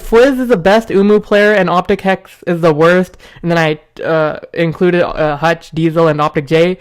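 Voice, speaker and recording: A young man hosting a gaming video, telling a rambling story with bursts of excitement. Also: sits high, normal speed, hardly any pauses. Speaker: gaming channel host.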